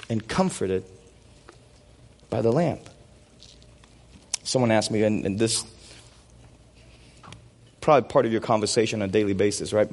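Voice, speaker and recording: A man preaching a sermon as pastor, animated and conversational, often checking in with tag questions. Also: medium pitch. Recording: long reverb of a large hall.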